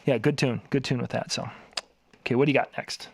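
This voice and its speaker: A man's voice: medium pitch, steady tone, a little fast, vocal fry, husky, no echo. A man co-hosting a DJ show in casual chat, talking hesitantly with many fillers. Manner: hesitant, lots of filler words. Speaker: DJ co-host.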